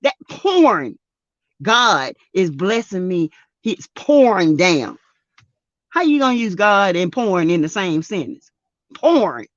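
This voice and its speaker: A woman with a Southern US accent hosting a casual live stream, greeting chatters by name and laughing loudly and often. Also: fairly low pitch, animated, a little slow, dry recording, muffled recording. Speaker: YouTube live-stream host. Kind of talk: casual live-stream chat reading comments.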